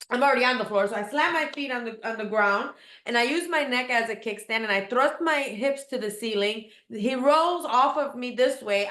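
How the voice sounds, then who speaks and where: A woman's voice: a little high, sharp tone. Earnest woman telling her story, echoey room. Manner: earnest, emphatic storytelling with repetition. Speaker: guest. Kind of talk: personal story in a podcast interview.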